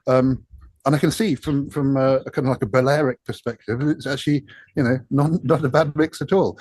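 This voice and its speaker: A man's voice: medium pitch, a little fast, darkish tone, dry recording. A man being interviewed about his music career, telling stories casually with lots of fillers, restarts and swearing. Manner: rambling, self-deprecating, swears freely, many fillers. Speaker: interview guest, music producer.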